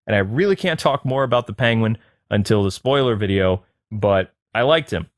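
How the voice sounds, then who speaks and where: A man's voice: normal speed, no echo. Dry, chatty male movie reviewer. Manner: rambling, many fillers, excited pitch jumps. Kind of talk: casual spoken review.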